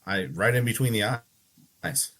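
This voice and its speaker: Male player, low voice, matter-of-fact, casual. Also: normal speed, fairly bright tone. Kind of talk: casual tabletop game play.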